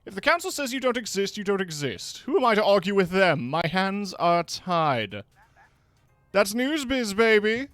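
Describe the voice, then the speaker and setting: A man voicing a brash, self-important male newspaper clerk in a game, talking in a loud, smug, bouncy way. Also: high-pitched, big pitch swings, moderate pace, no room sound, faint music behind, pitched above the performer's own voice.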